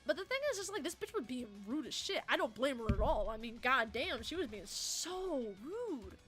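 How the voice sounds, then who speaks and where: Young woman ranting on stream, bright voice, cussing a lot, faint music behind. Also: high voice, fast. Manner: profane, animated, dramatic. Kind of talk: casual storytime rant.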